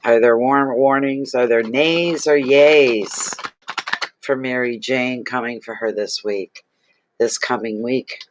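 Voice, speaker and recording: A man's voice: mid-range voice, fairly even intonation, slow. A man giving a casual tarot reading to camera, gushing and exclaiming over the cards he draws. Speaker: tarot reader.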